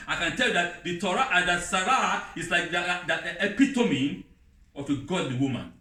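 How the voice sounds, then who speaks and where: A man preaching a sermon in non-native English with broken grammar, lively, mimicking other voices in a high pitch. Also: moderate pace. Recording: roomy hall, voice from a distance.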